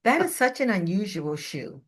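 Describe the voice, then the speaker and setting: A woman's voice: mid-range voice, big pitch swings, moderate pace, husky. A middle-aged woman hosting a radio interview show, chatting playfully and laughing often. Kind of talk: casual interview chat.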